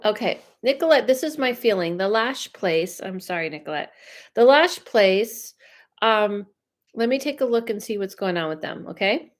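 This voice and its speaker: A woman who works as a psychic medium, chatting casually and giving quick readings to viewers on a livestream, in a rambling, talkative way. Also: mid-range voice, animated.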